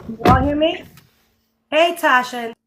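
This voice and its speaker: A woman's voice: high-pitched, unhurried, a bit bright, low-quality recording. A woman hosting a live stream, chatting casually and speaking her mind. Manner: outspoken, chatty.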